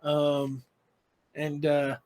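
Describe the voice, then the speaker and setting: A man narrating a Western tabletop game as game master, in relaxed, meandering speech. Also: on the high side, extremely slow. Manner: relaxed, filler-heavy narration.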